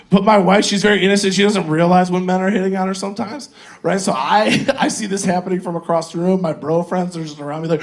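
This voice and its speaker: Guy in his 40s doing stand-up at a comedy club, kinda high voice, crude and loose, riffing with the crowd. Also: brisk. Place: comedy club stage with live audience.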